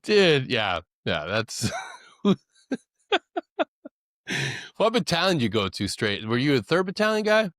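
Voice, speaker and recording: Man, host, mid-pitch, dry close mic, laid-back and cussing freely. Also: very animated, measured pace, long pauses, fairly bright tone, no echo. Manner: blunt, profane, laid-back reactions. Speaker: podcast host, former Green Beret. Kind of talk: casual chat.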